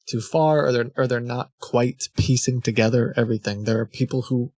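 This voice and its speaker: With a steady tone and moderate pace, a young scam-baiting streamer talks casually in a mellow, medium-pitched voice. He drifts between thoughts, self-correcting with restarts and short laughs, in a dry, close recording with no room echo.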